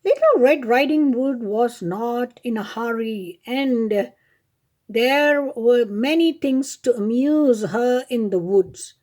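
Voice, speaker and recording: A woman reading a fairy tale aloud in a high, mellow voice. She takes her time, and small slips and self-corrections dot her storytelling. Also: expressive, slow.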